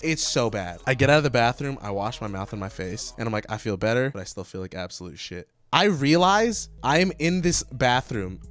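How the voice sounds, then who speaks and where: A young man casually telling a profane personal story, growing loud and animated as he recounts the panic. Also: on the low side.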